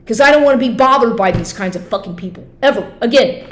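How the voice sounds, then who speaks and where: A woman's voice: a little high, lively intonation, quick pace, echoey room, a little hiss or hum. A woman ranting to camera in a heated, repetitive way, swearing constantly as she vents about her day. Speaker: vlogger. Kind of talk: angry personal rant.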